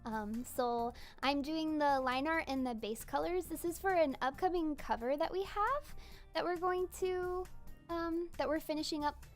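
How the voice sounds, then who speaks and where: High-voiced giggly woman streamer. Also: normal speed, soft background music. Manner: chatty, giggly, lots of fillers. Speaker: streamer and virtual idol voice actor. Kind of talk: casual chat while drawing.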